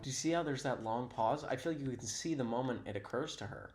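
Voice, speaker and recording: A man's voice: medium pitch, quick pace, a little mellow, soft background music. A man hosting a reaction video, giving sarcastic, mock-admiring commentary.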